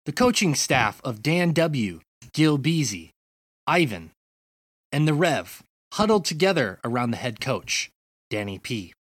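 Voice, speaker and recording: Brief: unhurried gaming podcast co-host, playful storyteller, dry studio sound. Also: medium pitch, sing-song, no room sound. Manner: slow, teasing delivery. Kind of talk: casual chat and reading a comedy skit.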